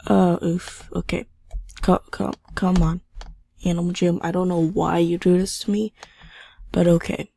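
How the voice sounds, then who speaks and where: A woman's voice: lowish voice, little pitch movement, a little slow, creaky, warm tone, slightly rough. A teenage girl with a sore throat, talking in a subdued way over gameplay and reading chat messages aloud. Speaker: gaming channel host. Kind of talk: casual gameplay commentary.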